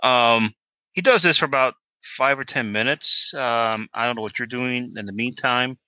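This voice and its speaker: A man narrating as game master, pausing often with ums as he describes the scene. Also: medium pitch, bright, forceful tone, dry recording, dull audio. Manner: hesitant, many ums and restarts.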